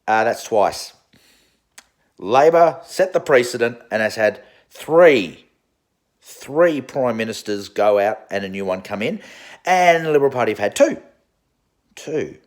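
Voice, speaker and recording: A man's voice: mid-range voice, expressive, unhurried, pauses often. A man with an Australian accent giving a profane, sarcastic political rant as a vlogger. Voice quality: swears constantly, sarcastic and heated.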